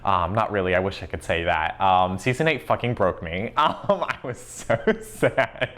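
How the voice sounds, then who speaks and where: Man, lower voice, casual chat, swears a lot, frequent laughs, filler ums. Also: expressive, measured pace, fairly bright tone. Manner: swears freely, laughs often, many ums. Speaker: interviewee, show fan.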